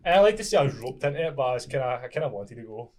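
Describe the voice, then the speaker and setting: A man's voice: mid-range voice, expressive, racing, a little mellow. A young man with a Scottish accent, a guest in a casual chat, rambling through restarts and laughing often. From Scotland.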